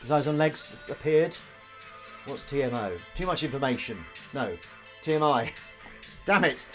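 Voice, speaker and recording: A man's voice: medium pitch, expressive, measured pace, faint music behind. Rambling man chatting while washing up. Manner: rambling, self-deprecating, talks to his cat and chat. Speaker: livestream host. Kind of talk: casual live-stream chat while washing up. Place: home kitchen.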